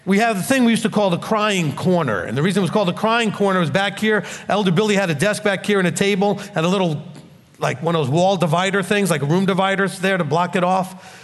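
Man, 50s, blunt scolding preacher, high lively voice, long hall reverb. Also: fast. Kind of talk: sermon.

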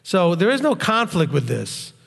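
A man's voice: sits high, big pitch swings, normal speed, gravelly, fairly bright tone, breathy edge. A man preaching a sermon to his congregation as their rabbi, talking conversationally and often checking in with "okay?". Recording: long reverb of a hall.

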